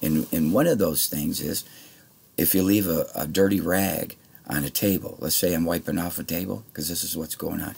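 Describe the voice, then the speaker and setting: A man's voice: low voice, steady tone, normal speed, gravelly, a little mellow, husky. A man telling a rambling, heated story in casual speech, swearing freely. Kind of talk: casual spoken anecdote.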